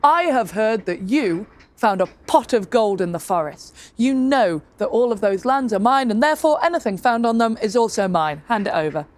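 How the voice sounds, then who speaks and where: A woman's voice: a little high, lively intonation, moderate pace, a little mellow, natural voice. A woman voicing a stern, greedy male lord who gives commands.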